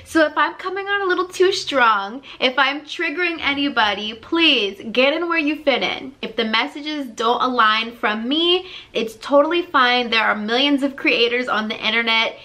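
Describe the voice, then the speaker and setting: A woman's voice: sits high, expressive, moderate pace, few pauses, bright, forceful tone. A woman life coach hosting her own channel, giving a blunt tough-love talk with lots of energy and repetition. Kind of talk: direct-to-camera motivational vlog.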